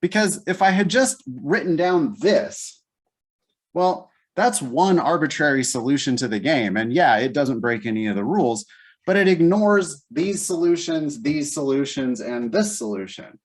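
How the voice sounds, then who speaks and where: A man's voice: fairly high pitch, animated, measured pace. A man leading a live test-prep class, thinking aloud step by step in a casual way. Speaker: LSAT teacher.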